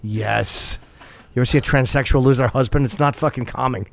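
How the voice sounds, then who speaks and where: A man's voice: mid-range voice, fairly even intonation, racing. A middle-aged man hosting a casual podcast chat, blunt and profane, with a self-deprecating streak. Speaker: podcast host.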